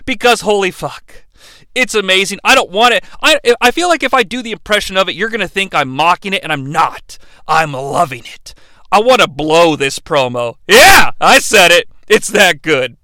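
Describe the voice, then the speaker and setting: Excitable male comedic podcast host: bright, smooth voice, swearing, loud bursts and quick asides. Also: high voice, no echo. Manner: excitable, swings between loud outbursts and fast asides, swears freely. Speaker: podcast host reviewing wrestling. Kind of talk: comedic recap narration.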